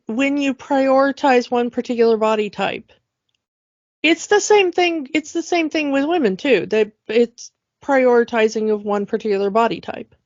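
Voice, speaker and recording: Higher-voiced woman on a podcast, takes her time, gets real emphatic, dull dry sound. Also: no room sound. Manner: animated, emphatic, ranting. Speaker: podcast co-host. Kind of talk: casual chat.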